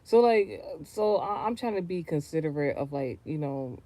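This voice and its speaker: Animated, profane man ranting. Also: moderate pace. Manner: animated, profane, rambling with many restarts; swings between low mutters and loud high outbursts. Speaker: vlogger. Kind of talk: casual rant to camera.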